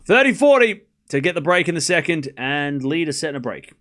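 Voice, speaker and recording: A man's voice: a little high, very animated, a little fast, fairly bright tone. A young Australian man giving casual, self-deprecating live tennis commentary to his stream chat.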